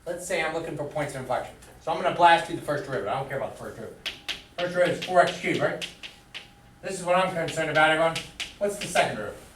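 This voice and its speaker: Man teaching math, fairly high voice, echoey classroom heard from afar, faint background hum. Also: very fast. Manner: quizzing the class with fill-in questions. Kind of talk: classroom lecture. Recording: echoey room, far from the mic.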